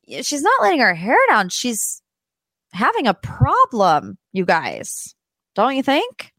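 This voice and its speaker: A woman's voice: mid-range voice, a bit bright, clean tone, dry recording, studio quality. A young woman hosting a podcast, talking casually and chattily about pop culture news with plenty of asides. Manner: chatty and gossipy, with lots of asides and fillers. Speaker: podcast host.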